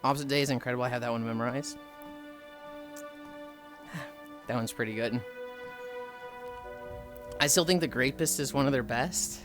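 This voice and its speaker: A young woman livestreamer chatting casually, animated, swearing freely and acting out quotes. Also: rumbling low, normal speed, long pauses, music in the background. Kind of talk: casual chat.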